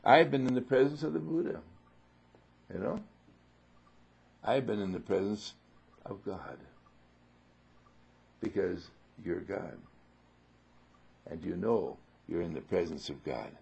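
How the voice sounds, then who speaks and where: A man giving a spiritual talk to an audience, playful and repetitive, swinging from loud to hushed. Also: low-pitched, lively intonation, slow, creaky, long pauses, breathy edge. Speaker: spiritual teacher.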